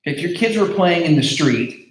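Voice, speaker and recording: A man's voice: on the high side, lively intonation, normal speed, a little hiss or hum. Chatty youth pastor man, echoey room. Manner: conversational, repeats words, many fillers. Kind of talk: casual youth group talk. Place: large room with a group.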